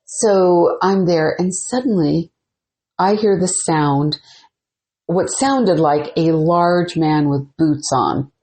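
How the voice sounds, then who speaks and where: Podcast host, female, lower register; easygoing storyteller who performs the dialogue. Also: slow. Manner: animated, acts out quoted dialogue. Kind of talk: casual storytelling.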